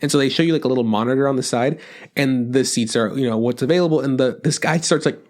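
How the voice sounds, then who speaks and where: Fast-talking man telling rambling stories. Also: mid-range voice. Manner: rambling anecdote-telling, lots of "like" and profanity. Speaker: podcast co-host. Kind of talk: casual chat.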